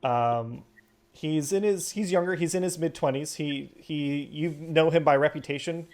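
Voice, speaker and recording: A man running a tabletop game as game master, narrating with many pauses and ums. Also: on the high side, a little mellow. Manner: hesitant, many ums and uhs.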